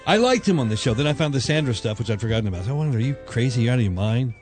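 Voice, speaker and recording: A man's voice: medium pitch, animated, racing, darkish tone, soft background music. A man co-hosting a radio show, arguing his opinions in casual banter. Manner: opinionated, argues his point animatedly.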